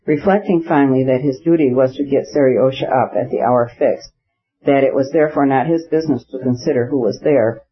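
A man narrating a classic novel as an audiobook in an even, measured reading voice; the recording is slightly muffled. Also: mid-range voice, slightly rough.

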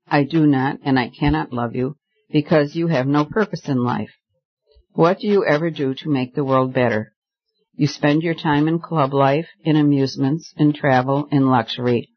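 A man's voice: on the high side, close to an everyday voice. A man voicing a composed, firm young woman. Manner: measured, firm refusals. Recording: slightly dull lo-fi recording.

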